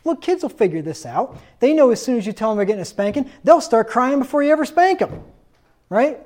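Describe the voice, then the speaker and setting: A man's voice: very high-pitched, very animated, fairly quick, a little mellow. Stern male preacher reading scripture. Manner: reads scripture aloud and asks rhetorical questions; stern, insistent teaching tone. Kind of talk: sermon.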